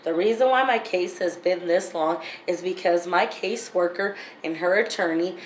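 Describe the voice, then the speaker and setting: A woman vlogger delivers a storytime with blunt, heated, profane language. Her voice is lowish and her speed normal. The recording is echoey, with faint background noise.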